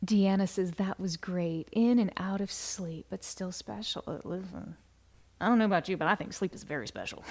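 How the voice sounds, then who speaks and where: Soft-spoken woman hosting a live stream. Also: mid-range voice, normal speed. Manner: soft-spoken, often dropping to a whisper, bursts into laughter and sung greetings. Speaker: livestream host reading viewer comments. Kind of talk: live stream chat, gentle and affirming.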